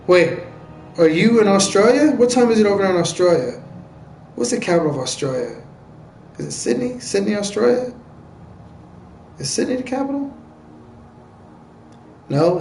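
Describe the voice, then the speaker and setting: A man's voice: high-pitched, a little hiss or hum. Chatty American man streaming, roomy sound. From United States. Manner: chatty and joking, answering viewers' questions aloud. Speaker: live-stream gamer chatting with viewers. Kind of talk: casual live-stream chat. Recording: roomy echo with faint background music.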